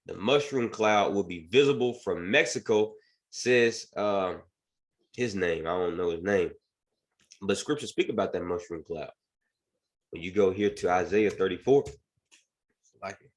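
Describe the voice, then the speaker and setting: A man teaches scripture in a lively, emphatic preaching manner. His voice sits a bit low. He keeps checking in with his listeners as he speaks. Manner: animated, emphatic preaching with frequent "man" and "right?". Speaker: bible teacher. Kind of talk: scripture teaching with news commentary.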